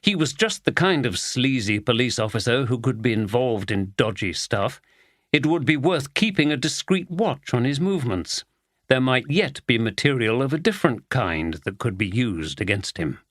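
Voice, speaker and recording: A man narrating a mystery audiobook at a medium pitch, telling the story in a steady, even way. He is recorded on a close studio mic in a dry room. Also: normal speed, dry recording.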